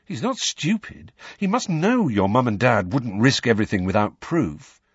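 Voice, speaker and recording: A man's voice: mid-range voice, very animated, moderate pace, husky, dry recording, highs cut off, pitched above the performer's own voice. A man voicing a disbelieving, defensive teenage boy in an audiobook reading.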